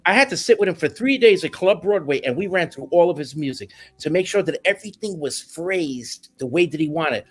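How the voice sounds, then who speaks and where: A man telling stories in a casual interview, animated and laughing, dropping in Spanish phrases. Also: on the high side, fairly quick, few pauses. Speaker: guest musician.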